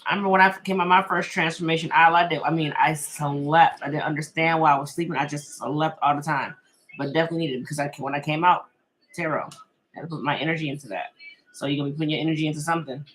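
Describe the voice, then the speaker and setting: A woman's voice: low-pitched, fairly even intonation, fast, fairly bright tone, slight background noise. A middle-aged woman hosting a casual live-stream tarot reading, chatty and reassuring, reading viewer comments aloud and laughing often.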